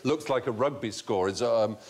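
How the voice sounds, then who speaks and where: A man's voice: medium pitch, normal speed, noisy background. A man hosting a quiz panel show, erudite and playful. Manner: erudite, playful, laughs often.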